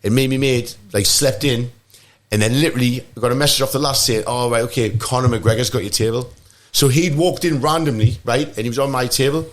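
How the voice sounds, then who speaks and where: A man's voice: medium pitch, a little fast. A man in his thirties with a Geordie accent, a podcast guest telling rambling stories, full of "like" and "mate", often laughing through them. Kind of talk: casual storytelling. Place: podcast studio.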